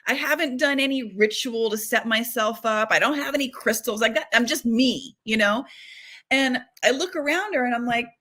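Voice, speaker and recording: A woman guest on a talk show, a psychic medium telling stories in a chatty, animated way full of fillers. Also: a little high, moderate pace. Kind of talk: casual storytelling conversation.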